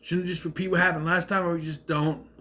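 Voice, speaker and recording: A man's voice: a little high, flat delivery, fast talker, pushed and bright. A man casually recapping a movie plot, rambling and correcting himself as he goes. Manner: rambling, self-correcting retelling.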